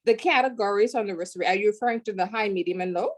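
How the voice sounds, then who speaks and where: A woman's voice: medium pitch, fast talker, rough recording. Hesitant woman student on a call. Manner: hesitant, apologetic, laughing. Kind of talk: answering in an online class. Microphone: video call.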